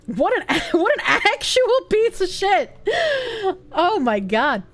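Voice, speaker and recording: A young woman streamer chatting casually and reading out donations, animated and swearing freely. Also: very high voice, slow pace.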